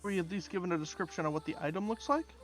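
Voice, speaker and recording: Tabletop player, man, high voice, casual rambling, light music behind. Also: very fast, fairly bright tone, rough recording. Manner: chatty, hesitant, lots of fillers.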